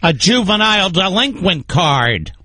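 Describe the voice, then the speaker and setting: A man's voice: high-pitched, sing-song, a little slow, pushed and bright, slight background noise. An older man co-hosting a radio show, wisecracking and playing mock-defensive in the banter. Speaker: radio co-host. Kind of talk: casual banter.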